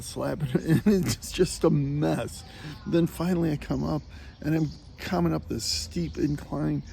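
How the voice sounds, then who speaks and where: A man's voice: medium pitch, gravelly, warm tone, a little hiss or hum. A man recording a casual spoken meditation on a walking pilgrimage, rambling and hesitant with many fillers and frequent chuckles. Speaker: pilgrim vlogger.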